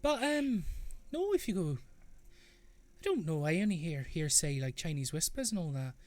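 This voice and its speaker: A bubbly talking bush, put on by a game master in a tabletop game, fussing over visitors like a kindly aunt. Her put-on regional accent wanders from place to place, and her voice swoops with animated pitch. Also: normal speed, husky, no echo. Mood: gossipy. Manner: homely, motherly, calls others petal and dearie. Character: chatty excitable female flowering bush. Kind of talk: tabletop role-play character voice.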